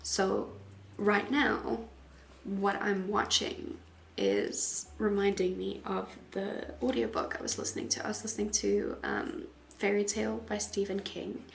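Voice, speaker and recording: Woman, tattoo artist, mid pitch, chatty, rambling, soft half-whisper, giggly, faint background hiss. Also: lively intonation, measured pace, creaky. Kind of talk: casual voice-over commentary.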